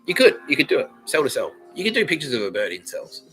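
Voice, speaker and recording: A man's voice: wildly swooping pitch, fast, sharp tone, soft background music, low-quality recording. An Australian man hosting a podcast, delivering a rambling comedic monologue full of swearing and giggles. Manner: profane, giggling, wildly swinging pitch. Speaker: podcast host.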